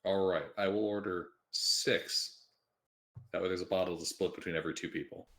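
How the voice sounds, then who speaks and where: A man playing a tabletop game, stating his character's actions in a relaxed, matter-of-fact way. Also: low-pitched, moderate pace. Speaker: player. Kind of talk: casual tabletop game play.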